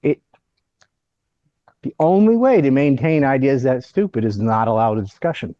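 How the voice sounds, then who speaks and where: A man's voice: medium pitch, lively intonation, normal speed, no echo, muffled recording. A man hosting a casual political chat, blunt and opinionated, ranting about the news.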